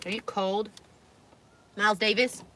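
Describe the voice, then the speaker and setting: A woman's voice: medium pitch, fairly even intonation, measured pace, background noise. A woman live streaming, chatting casually and talking to her dogs, with squeamish outbursts.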